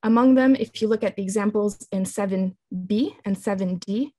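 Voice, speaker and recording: A woman presenting a linguistics talk with slides, explaining in a measured way with frequent ums and restarts. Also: mid-range voice, warm tone, no echo.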